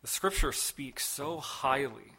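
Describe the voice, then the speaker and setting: Man, pastor preaching, emphatic sermon, loud stresses and soft drops, measured delivery. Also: mid-range voice, lively intonation, slightly rough.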